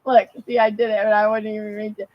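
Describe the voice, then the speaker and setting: A young woman vlogging outdoors, telling a rambling story in a casual, profane, animated way and laughing often. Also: mid-range voice, fast talker, no echo, muffled recording.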